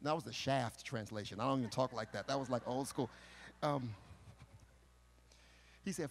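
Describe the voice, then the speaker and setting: A pastor preaching a live sermon at a church service, impassioned and building to forceful rhythmic declarations. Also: male voice, mid-range voice, normal speed, gravelly, long pauses. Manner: impassioned preaching with repeated calls of "listen to me".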